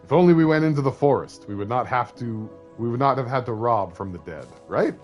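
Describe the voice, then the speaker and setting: A man streaming a video game, joking in loose asides to his viewers. His voice sits at an ordinary male pitch but swings up and down a lot. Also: expressive, brisk, faint music behind. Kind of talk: casual gaming commentary.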